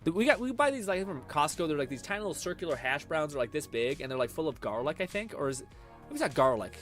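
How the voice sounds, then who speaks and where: Young male streamer, animated, rambling chat, a little high, music bed underneath. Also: fast. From Canada. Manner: rambling, laughing, swearing, animated. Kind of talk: casual chat reading viewer comments.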